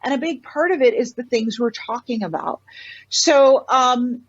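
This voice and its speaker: A middle-aged woman, a doctor guest on a podcast, telling stories in a passionate, animated way. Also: a little high, measured pace, slightly rough, dull audio. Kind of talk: casual interview talk.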